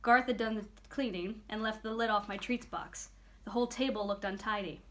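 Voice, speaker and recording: A woman reading a children's book aloud in a clear, expressive storytelling manner. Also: medium pitch, a little fast, slight background noise. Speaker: reader.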